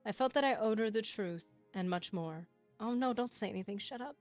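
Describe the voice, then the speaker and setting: A woman streamer reading a game book aloud on a livestream, steady narration broken by chatty asides. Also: medium pitch, normal speed, faint music behind.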